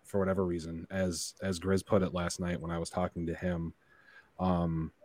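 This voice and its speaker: Deep-voiced man, casual rambling chat. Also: completely flat delivery, moderate pace. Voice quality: deep smooth voice. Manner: rambling, profane, laughs loudly. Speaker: podcast co-host.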